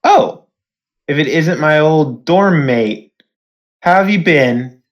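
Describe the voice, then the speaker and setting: A woman's voice: sits low, lively intonation, slow, lo-fi sound. A woman voicing a cocky young woman student who teases her rival. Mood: friendly. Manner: teasing, boastful.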